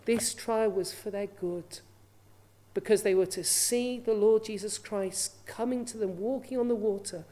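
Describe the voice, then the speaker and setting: A woman's voice: mid-range voice, measured pace, dark tone. A woman preaching a sermon in an earnest way, often asking her listeners rhetorical questions.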